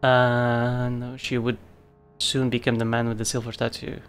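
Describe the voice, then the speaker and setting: A man's voice: medium pitch, completely flat delivery, unhurried, smooth. Man muttering casual gameplay commentary. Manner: thinks aloud with frequent fillers, mildly exasperated. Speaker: let's play gamer.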